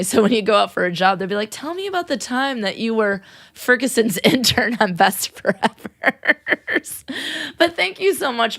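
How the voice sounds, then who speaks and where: A woman's voice: mid-range voice, fairly bright tone. A young American woman hosting a podcast, gushing and laughing often as she thanks listeners in a casual chat. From United States. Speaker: podcast host. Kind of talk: casual podcast outro and shout-outs.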